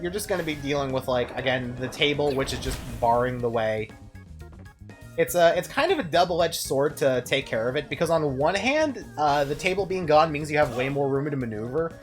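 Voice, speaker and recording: A young man streaming a game, rambling through casual commentary with frequent swearing and laughs. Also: a little high. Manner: rambling, profane, laughs often.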